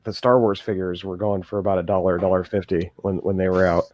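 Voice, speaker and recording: A man's voice: low-pitched, flat delivery, fast talker, a little mellow, no room sound, lo-fi sound. A man joking about old collectibles in a nostalgic, casual chat.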